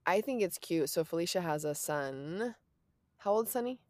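A young adult woman co-hosting a casual chat show, telling stories in an animated way with lots of fillers. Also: on the low side, normal speed, no room sound, studio quality. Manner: animated, filler-heavy storytelling. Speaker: podcast co-host.

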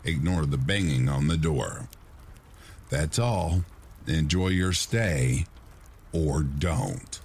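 A man reading horror stories aloud as a channel host, in a measured, hushed bedtime delivery. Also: rumbling low, vocal fry, a little hiss or hum. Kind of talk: scripted horror narration for sleep.

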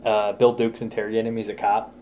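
A man co-hosting a podcast, chatting casually with friends, animated and quick to laugh. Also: on the low side, a little hiss or hum. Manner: animated, jokey, breaks into laughter. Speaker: podcast co-host. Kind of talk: casual chat.

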